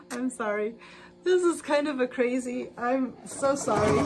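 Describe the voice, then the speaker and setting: Slow, chatty woman sewing on a livestream. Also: sits high. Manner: chatty, talks to herself while working, laughs often. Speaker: livestream host. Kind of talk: casual sewing livestream chat. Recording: noisy livestream audio with sewing machine. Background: sewing machine noise.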